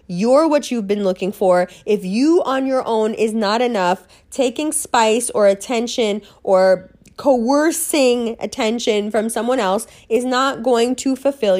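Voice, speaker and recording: A woman's voice: on the high side, takes it slowly, few pauses. A woman with a New York accent giving blunt, profane life advice in a monologue, acting out bits of dialogue. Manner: brash, profane, animated, acts out dialogue.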